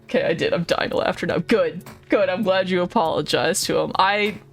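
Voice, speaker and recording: A woman's voice: on the low side, brisk. A woman streaming a game, chatting casually with viewers, laughing often and swearing freely. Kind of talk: casual live-stream chat. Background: faint background music.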